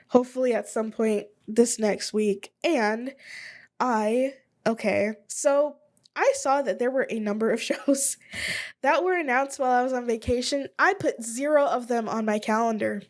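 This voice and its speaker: A woman in her twenties hosting a casual solo podcast, rambling and chatty, thinking out loud as she goes. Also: fairly high pitch. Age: 20s. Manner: rambling, chatty, thinks aloud while looking things up. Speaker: podcast host.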